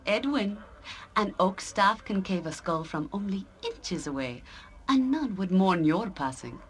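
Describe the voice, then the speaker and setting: An actress voicing a stern, sharp-tongued woman druid in a video game, curt and dry. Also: medium pitch, expressive, a little slow, breathy edge.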